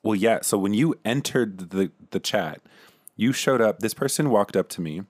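A man's voice: on the low side, moderate pace, dry recording, studio quality. A man co-hosting a podcast, chatting casually and acting out quotes as he tells stories, swearing freely. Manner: animated storyteller, acts out quotes, swears freely. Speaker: podcast co-host. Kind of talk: casual chat.

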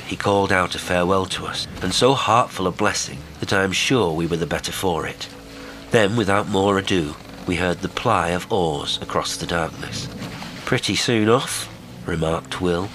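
Deep-voiced man narrating horror. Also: sharp tone, a little hiss or hum, low-quality recording. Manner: measured, dramatic storytelling. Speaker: podcast narrator.

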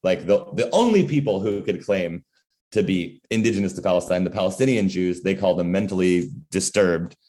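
A man's voice: low voice, animated, normal speed, warm tone. A man talking casually as a guest, profane and full of filler words. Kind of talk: casual conversation.

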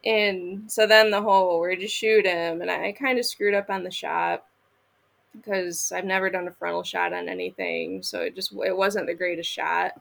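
A woman's voice: on the low side, steady tone, normal speed, gravelly, fairly bright tone. A woman from Michigan, a podcast guest, telling a story in a casual, blunt and profane way, acting out what people said. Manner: blunt and profane, acts out quoted lines.

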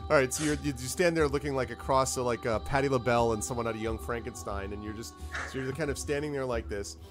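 A man's voice: mid-range voice, quick pace, over music. A man narrating as game master, casual and rambling, with many fillers and laughs.

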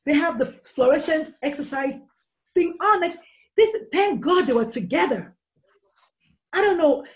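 A woman's voice: sits high, animated, a little slow. A woman, a guest on a podcast and a mother of three sons, speaking emphatically and firing off rhetorical questions, sometimes swearing. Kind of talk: impassioned conversation.

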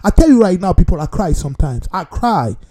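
Man, football commentator vlog, mellow voice, very lively pitch, keeps addressing viewers as "people.". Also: a little fast. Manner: animated, repetitive, talks straight to viewers as "people". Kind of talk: casual football opinion monologue.

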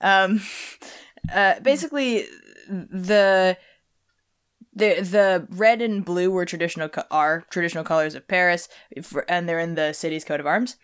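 A young woman with a lowish voice chats casually as a podcast host. She rambles, stumbles and restarts her sentences, with plenty of fillers. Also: moderate pace, clean tone. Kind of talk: casual chat.

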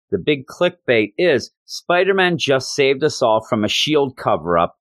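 A man hosting a podcast, casually reviewing a comic book and retelling its scenes with quick quoted lines. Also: medium pitch, dry recording. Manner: animated retelling, quoting characters in quick bursts. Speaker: podcast host.

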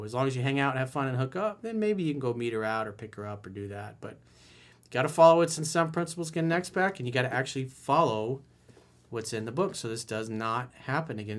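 Blunt, foul-mouthed male dating coach. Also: a little high. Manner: blunt, profane, roasting. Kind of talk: advice podcast monologue.

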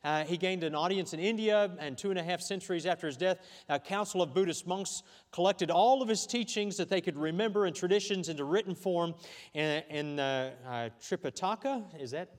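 A man's voice: high voice, a little fast, in a large hall. A man with a Texan accent preaching a sermon as pastor, talking conversationally with frequent fillers and restarts.

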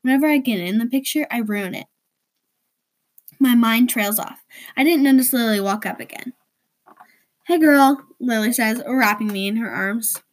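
A woman's voice: fairly high pitch, normal speed. A woman reading a first-person story aloud, with an inward, hesitant manner.

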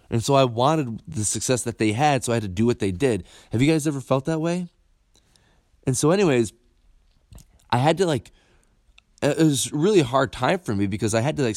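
A man, telling a personal story in a candid, animated way, cursing freely and stumbling over repeated words. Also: medium pitch, no room sound, clean studio sound. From upstate New York. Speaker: motivational speaker.

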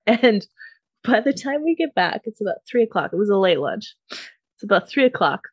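A woman's voice: medium pitch, normal speed, slightly rough, no echo, muffled recording. A woman hosting a podcast, telling a neighbor story in casual chat, laughing often, swearing freely and acting out what people said. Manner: animated, laughing, swears freely, acts out quotes. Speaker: podcast host.

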